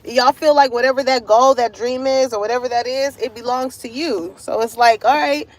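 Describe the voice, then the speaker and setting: A woman with a slightly high voice reads tarot cards for her audience from a parking lot. She keeps it loose and conversational, peppering the reading with curses and frequent laughter. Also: steady tone, moderate pace. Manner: chatty, profane, laughs often. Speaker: tarot card reader. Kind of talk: casual spiritual reading to viewers.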